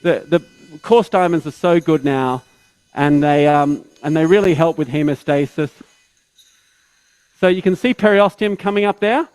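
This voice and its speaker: Male surgeon narrating a live procedure, chatty step-by-step teacher, bright-ish pitch, dry sound. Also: normal speed, clean tone, no echo, faint music behind, poor audio. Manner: explains step by step, with tag questions and restarts. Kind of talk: live surgical teaching commentary.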